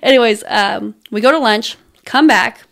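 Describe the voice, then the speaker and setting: Outspoken woman host, fairly high voice. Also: normal speed, vocal fry, a bit bright. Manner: candid, swears freely, lots of fillers. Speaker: podcast host. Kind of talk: casual storytelling chat.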